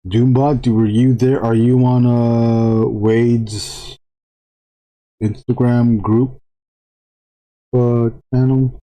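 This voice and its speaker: A man chatting casually to viewers while drawing on a live stream, rambling with frequent halting restarts. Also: mid-range voice, little pitch movement, warm tone.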